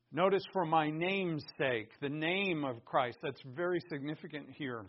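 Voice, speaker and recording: A male pastor preaching a sermon, emphatic, swinging from loud stresses to hushed words. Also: a little high, lively intonation, normal speed, few pauses. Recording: dull lo-fi recording.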